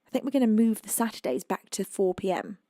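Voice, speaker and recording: A woman's voice: medium pitch, fast, warm tone, dry recording, clean studio sound. A British woman hosting a music livestream, chatting casually with viewers and reading their comments, rambling with ums and restarts and a little out of breath. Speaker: livestream host and singer.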